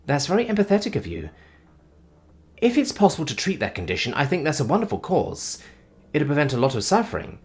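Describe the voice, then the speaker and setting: Sci-fi audiobook: male narrator voicing a patient young woman scientist, raised pitch, lively. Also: a little fast. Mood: gentle. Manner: patient, explaining.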